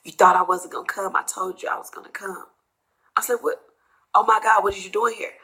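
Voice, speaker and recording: A woman's voice: medium pitch, fairly even intonation, a little fast, gravelly, poor audio. Tearful middle-aged woman telling her story. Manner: rambling, repeats herself, quotes others in hushed asides. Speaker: vlogger telling a personal story. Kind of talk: emotional storytime vlog.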